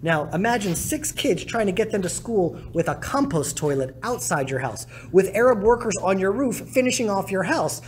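Man, rabbi, animated storytelling, acts out quotes, faint background hum. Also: moderate pace, few pauses. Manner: animated, acts out quotes with big swings in pitch and loudness. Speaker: rabbi giving a talk. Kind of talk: storytelling talk to a congregation. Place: synagogue congregation hall.

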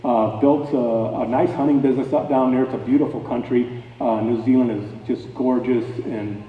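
A man speaking as a guest at a church dinner, telling a personal story in an animated, folksy way with plain colloquial grammar. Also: mid-range voice, moderate pace. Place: church hall at a dinner event. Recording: distant, echoey hall, thin phone-like sound.

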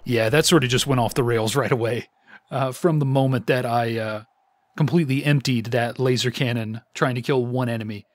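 A man's voice: mid-range voice, steady tone, brisk, no room sound. A man hosting a let's play, commenting on his own gameplay in a rambling, self-deprecating way with lots of fillers.

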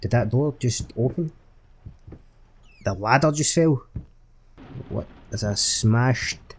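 A man's voice: medium pitch, slow pace, husky. A man commentating on a horror game he is playing, sweary and jokey with jumpy reactions. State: recovering from a chest infection. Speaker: gaming channel host. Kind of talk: let's play commentary.

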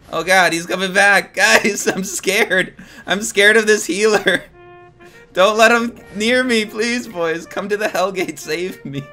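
An excitable young man streaming a game, talking straight to his chat. His voice is bright and a little high, swooping up and down as he swears and jokes through the action. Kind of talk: live gameplay commentary.

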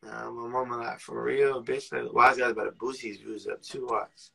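Husky-voiced man joking loudly on stream. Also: mid-range voice, little pitch movement, normal speed. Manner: loud, joking, profane trash talk. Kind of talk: casual livestream banter.

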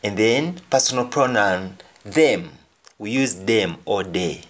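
A man's voice: on the low side, expressive, slow pace. A man with a Jamaican accent gives a language lesson, saying each example phrase twice and then translating it. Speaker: language teacher. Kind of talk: explanatory lesson.

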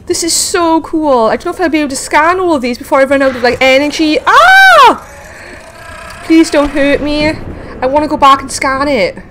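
A woman hosting a casual game video, chatting excitedly to viewers and talking to the creatures she meets. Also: high voice, normal speed, background noise. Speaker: gaming video host. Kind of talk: casual let's-play commentary.

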